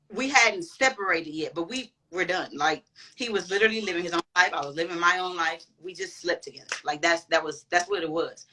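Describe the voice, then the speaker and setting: A woman's voice: mid-range voice, sharp tone, low-quality recording. A woman guest on a chat podcast telling a personal story candidly, with lots of slang and swearing. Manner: candid, profane, slangy and emphatic.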